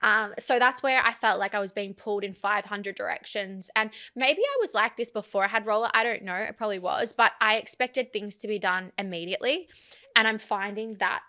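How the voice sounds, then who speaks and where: A woman's voice: mid-range voice, fairly quick, bright, forceful tone. A young woman, chatting candidly on a podcast, rambling and swearing freely. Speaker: podcast host. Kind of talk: casual chat.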